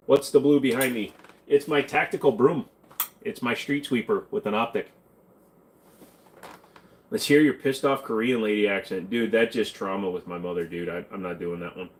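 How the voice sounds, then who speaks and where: A man's voice: lowish voice, normal speed. Offhand, jokey male livestream host. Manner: jokey, offhand, reads and answers chat. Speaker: streamer answering chat questions. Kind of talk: casual livestream Q&A.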